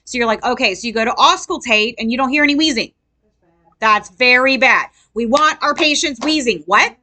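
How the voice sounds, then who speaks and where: Brief: upbeat woman nursing tutor, high bright voice, lively quizzing style. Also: a little fast, slight background noise. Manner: animated, quizzing students, acts out patients. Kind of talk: casual classroom review lesson.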